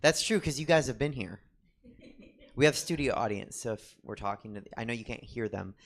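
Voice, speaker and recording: A man hosts a loose, gossipy talk show, with a gravelly, fry-edged voice at an ordinary middle pitch. He drifts from topic to topic in quick asides and keeps the back-and-forth going with his guest. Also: expressive. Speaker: host. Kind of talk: casual chat. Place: studio with audience.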